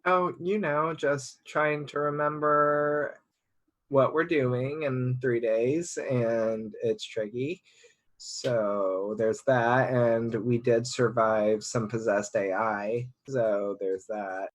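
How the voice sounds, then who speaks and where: A man's voice: mid-range voice, fairly even intonation, takes it slowly. A man playing in a tabletop game who chats and jokes with the other players. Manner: joking, playful. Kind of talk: casual chat at a tabletop game.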